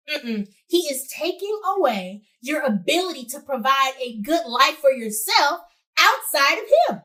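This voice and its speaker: A young woman hosting a show, giving casual advice to camera in a sassy, animated way and talking straight to her listeners. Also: high voice, moderate pace, far from the mic. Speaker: host.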